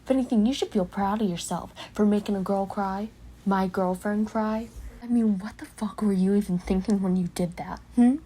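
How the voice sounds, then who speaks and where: Picture a hot-tempered, protective sibling who curses freely and cuts people down with blunt words, as a woman acts it out. The voice is mellow and warm rather than bright. This is an amateur audio role-play. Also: mid-range voice, moderate pace, lightly acted. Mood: furious. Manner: blunt, cursing, sharp-tongued.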